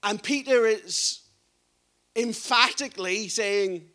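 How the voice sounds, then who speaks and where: A man with a noticeably high-pitched voice gives a sermon at a moderate pace, pausing often. Scripture passages come out softly, and then his preaching grows forceful and emphatic.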